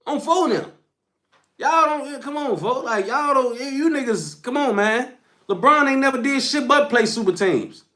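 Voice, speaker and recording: A man's voice: very high-pitched, expressive, moderate pace, pushed and bright. A young man hosting a livestream, speaking as he scolds his chat in a heated, repetitive, slangy rant. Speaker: livestream host.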